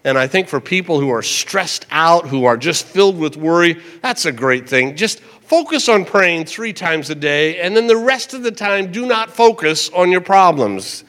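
An older man preaches in a fairly high voice, talking to the congregation in a loose, conversational way. He slows right down when he repeats a verse. A long hall reverb trails behind every line. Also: expressive, a bit bright. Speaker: pastor. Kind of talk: sermon. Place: church sanctuary.

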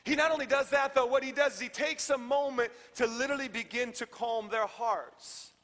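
A pastor delivers an impassioned sermon, his voice high and bright. He repeats key phrases, swings between ringing proclamations and quiet asides, and a long reverb trails each line through a large hall. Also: fairly even intonation, normal speed.

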